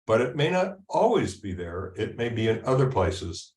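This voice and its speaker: A man presenting at a user group meeting, walking through a software demo in a casual, halting way with ums and restarts. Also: on the low side, big pitch swings. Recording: echoey room sound.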